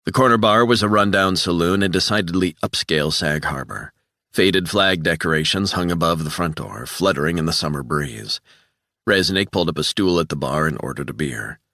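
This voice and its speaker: A man reading an audiobook in measured, scripted narration. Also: sits low, lively intonation, pushed and bright, dry recording, clean studio sound.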